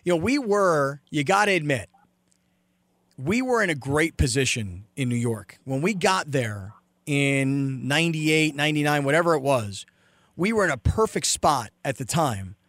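A man in his forties hosting a podcast, talking in a halting, reflective way with many fillers. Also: fairly high pitch, sing-song, fairly bright tone, no echo. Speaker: podcast host. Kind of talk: casual reflective interview. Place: San Diego.

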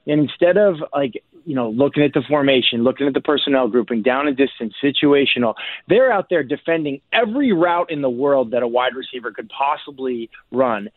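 A man calls in to a radio show over a thin, phone-like line, the sound close and dry. He walks through plays step by step with real energy, chuckling between points. His voice sits at an ordinary middle pitch. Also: dry recording. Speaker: former player turned football analyst, radio guest. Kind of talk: casual radio interview analysis. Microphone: phone call.

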